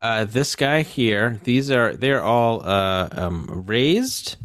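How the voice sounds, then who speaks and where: A man's voice: mid-range voice, expressive, slow, a bit bright, no room sound. A man narrating as game master, reading scene descriptions aloud between hesitant fillers.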